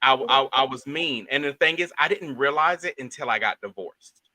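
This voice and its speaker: A man's voice: medium pitch, expressive, moderate pace, pushed and bright. A man co-hosting a podcast in casual chat, stammering and repeating himself as he tells stories. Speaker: podcast co-host.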